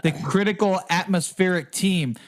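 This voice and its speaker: A man rambles through a casual podcast chat, tripping over his words and breaking into laughs. His voice sits a little high. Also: normal speed. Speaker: podcast co-host.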